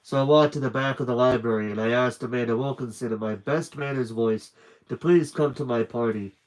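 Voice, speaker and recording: A man reading a children's novel aloud live, in a steady, plain storytelling voice. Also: mid-range voice, fairly quick. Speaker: reader.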